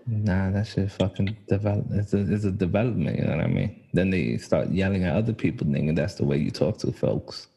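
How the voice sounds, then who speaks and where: A man's voice: low voice, fairly quick, creaky, few pauses, dark tone, slightly rough. A man chatting easily with a friend about fatherhood, in streetwise slang and laughing easily, heard over dull, slightly lo-fi call audio. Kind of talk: casual chat.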